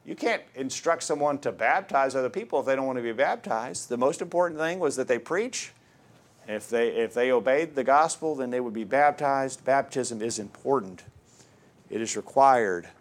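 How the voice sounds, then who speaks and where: A man preaching in an earnest, emphatic way, stressing his points as he reads scripture passages aloud. His voice sits at an ordinary middle pitch for a man. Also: animated, moderate pace. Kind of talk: sermon.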